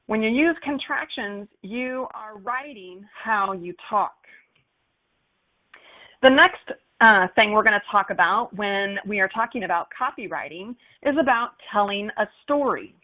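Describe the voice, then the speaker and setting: A woman with a fairly high voice teaches in an upbeat, animated way. She acts out playful examples as she explains. The sound is thin and narrow, like it came down a phone line. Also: moderate pace. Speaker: marketing instructor for golf courses. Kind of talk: webinar lesson on copywriting.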